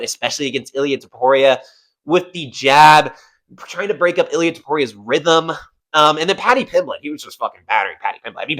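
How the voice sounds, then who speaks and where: A man's voice: on the high side, fairly bright tone, rough recording. A man giving casual commentary as an MMA YouTuber, rambling and swearing a lot.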